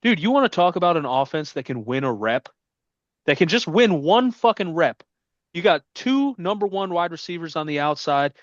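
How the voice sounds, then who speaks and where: A man's voice: fairly high pitch, sing-song, normal speed, dry recording. A man co-hosting a sports podcast, emphatic and profane in casual football talk. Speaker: podcast co-host. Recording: dull, dry.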